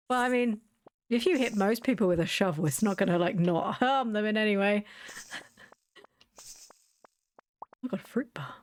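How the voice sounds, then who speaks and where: A woman's voice: mid-range voice, unhurried, pauses often, no room sound. A woman giving casual, playful commentary while she plays a video game. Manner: chatty and playful. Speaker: game streamer.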